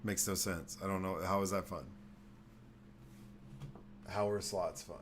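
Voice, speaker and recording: A man's voice: deep voice, steady tone, measured pace, a little hiss or hum. A man, hosting a podcast in casual chat and telling rambling, profane stories. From Texas. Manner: rambling storyteller who acts out voices, swears freely. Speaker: podcast host.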